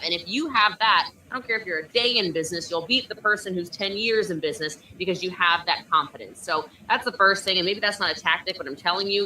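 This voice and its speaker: A woman coaching network marketers over a video call, talking with high energy and emphatic conviction. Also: sharp tone, recorded from a distance, low-quality recording. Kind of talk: motivational coaching talk.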